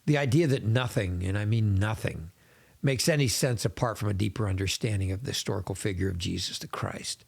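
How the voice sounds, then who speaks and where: A man hosting a podcast, speaking in an earnest, measured, literary monologue. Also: lowish voice, vocal fry, darkish tone. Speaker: podcast host.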